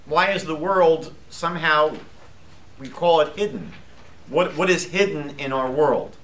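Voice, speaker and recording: A man teaching a live class as a rabbi, lively and chatty, posing questions to the group. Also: on the high side, unhurried, a little hiss or hum. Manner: lively, asks the class questions, jokes lightly.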